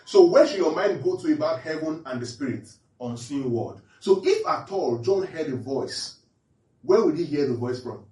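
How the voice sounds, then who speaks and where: A man's voice: a little high, sing-song, moderate pace, dark tone. A man preaching and teaching from the Bible, often quizzing his listeners with repeated questions. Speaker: pastor. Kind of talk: interactive Bible teaching sermon. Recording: echoey room, mic at a distance.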